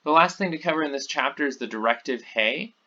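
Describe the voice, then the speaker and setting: A man's voice: mid-range voice, lively intonation, fast, sharp tone. A man teaching a recorded class lecture in an informal way, with many fillers and restarts. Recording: dull lo-fi audio.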